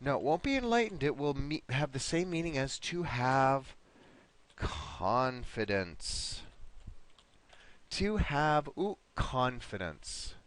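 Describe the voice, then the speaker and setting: A man's voice: mid-range voice, very animated, takes it slowly, a bit bright, smooth. A man teaching an online English vocabulary class, patiently repeating words and encouraging his students.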